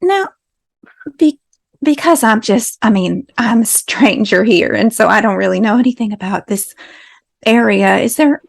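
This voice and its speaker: A woman's voice: on the high side, gravelly, full character voice. A woman playing a friendly tourist passing through town, asking polite, curious questions in a folksy way.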